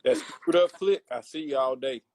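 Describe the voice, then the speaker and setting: A man's voice: mid-range voice, moderate pace, darkish tone, a little hiss or hum. A man from Georgia co-hosting a casual live stream, speaking in a laid-back, slangy way with short replies. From Georgia, with time in Texas. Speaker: livestream co-host.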